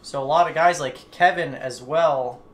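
A man's voice: a little high, moderate pace. A man hosting a casual outdoor vlog, talking in a friendly, teasing way. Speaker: channel host.

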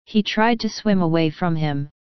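A woman narrating a classic children's storybook in a calm, even manner. Her voice is smooth and clear, sitting on the low side. It sounds dry and close, with a slightly dull recording. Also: moderate pace, no echo. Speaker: audiobook narrator. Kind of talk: scripted narration.

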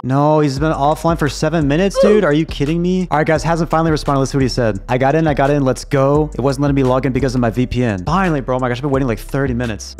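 A man's voice: mid-range voice, racing, hardly any pauses, darkish tone, faint music behind. A young man hosting his video, giving casual gameplay commentary with hyped, slangy talk aimed straight at his viewers. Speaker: YouTuber host.

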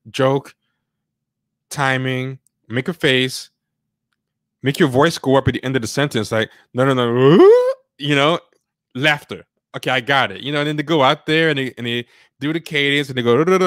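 A man co-hosting a casual livestream podcast, talking in a rambling, sardonic way and mocking people with quick impressions. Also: mid-range voice, fairly bright tone, clear, resonant tone, no room sound, studio quality. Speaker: podcast co-host.

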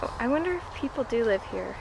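A high-voiced woman talks excitedly while exploring outside, slipping into whispers. The handheld outdoor recording carries clear background noise. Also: fast. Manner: chatty, excitable, drops to whispers. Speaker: mother and vlogger. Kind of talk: casual family vlog chat. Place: outdoors near a freeway.

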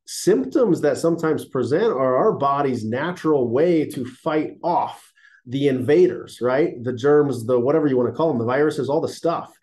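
A man's voice: mid-range voice, lively intonation, moderate pace, darkish tone. A man in his thirties, a chiropractor giving a casual livestreamed health talk, sounding congested and nasal, folksy and enthusiastic, recorded on laptop and phone mics.

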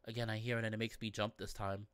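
A man's voice: lowish voice, little pitch movement, fast, fairly bright tone, clear, resonant tone, dry recording. A man reading a visual novel aloud in first person as a let's play narrator, playful and given to joking asides. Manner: playful, breaks off to joke with viewers.

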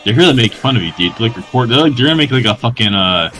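A man's voice: medium pitch, animated, fast talker, bright, forceful tone, faint music behind. Foul-mouthed mocking young man. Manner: crude, mocking, swears constantly. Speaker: co-player. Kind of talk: casual gaming chat.

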